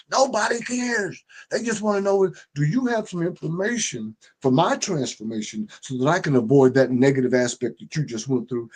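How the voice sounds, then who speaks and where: A middle-aged man gives a motivational livestream talk with a voice pitched somewhat high for a man. He delivers it emphatically and preachily as a publisher and strategist, hammering home his key phrases. He often stumbles and restarts mid-sentence. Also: lively intonation, a little fast, darkish tone.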